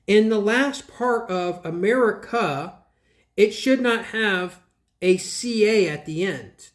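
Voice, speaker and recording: A man reviews a book on his own channel in casual, rambling commentary, scoffing at ideas and spelling words out letter by letter. He digresses, restarts and trails off, speaking slowly in a high-pitched voice.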